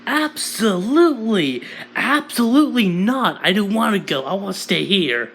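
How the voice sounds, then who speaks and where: A man voicing an erratic male villain who keeps contradicting himself in a high, excited voice. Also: moderate pace, vocal fry, a little hiss or hum, heavily acted. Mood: manic. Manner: shrill, flips between yes and no.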